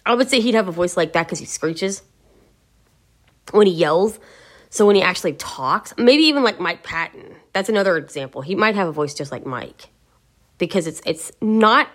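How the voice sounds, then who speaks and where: Low-voiced woman musing on game characters. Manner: rambling and hesitant, searching for words. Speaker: gaming video host. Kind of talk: casual talk to camera.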